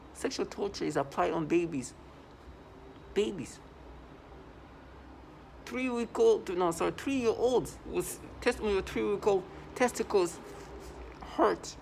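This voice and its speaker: A man's voice: sits high, creaky, slight background noise, rough recording. Urgent, repetitive man talking to camera. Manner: urgent, repetitive, heavy use of "like". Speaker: vlogger. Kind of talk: first-person video monologue.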